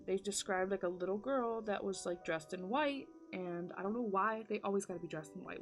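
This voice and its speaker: Woman, vlogger, casual storytime, chatty, lots of fillers, clear background music. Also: medium pitch, a little fast, hardly any pauses. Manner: chatty, many "like" fillers, dramatic retelling. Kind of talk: casual storytime while doing makeup.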